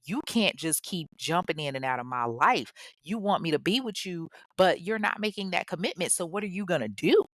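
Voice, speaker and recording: A woman's voice: on the low side, lively intonation, brisk, few pauses, fairly bright tone, no echo, studio quality. Woman doing a fed-up, demanding pregnant girlfriend. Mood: exasperated. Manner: exasperated, pushing hard.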